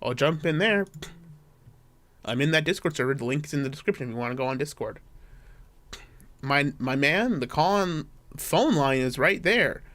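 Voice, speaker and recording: A man from the United States hosting a casual call-in podcast, easygoing and halting, often repeating himself. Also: fairly high pitch, expressive, fairly bright tone. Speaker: podcast host.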